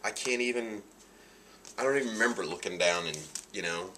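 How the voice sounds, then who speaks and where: Nasal low-voiced man. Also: fairly quick, background noise. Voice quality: nasal from allergies. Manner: chatty, upbeat, laughs often. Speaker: vlogger. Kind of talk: casual video diary.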